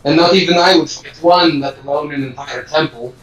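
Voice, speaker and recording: A man playing a dry, wry male adventurer who talks in deadpan understatement. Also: fairly high pitch, brisk, faint music behind, natural voice. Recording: echoey room, distant from mic.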